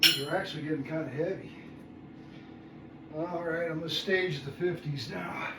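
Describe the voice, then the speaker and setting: A man's voice: on the high side, moderate pace, distant mic. A man in his sixties, out of breath, counting reps aloud during a workout vlog and groaning and muttering between sets. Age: 60s. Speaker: fitness vlogger. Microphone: phone camera set at a distance. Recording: echoey room, phone from afar, background noise.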